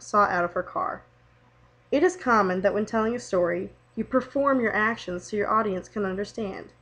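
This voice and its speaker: A young woman reads her class project aloud as narration. Her delivery is steady and scripted, like a student presenting a report. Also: mid-range voice, poor audio.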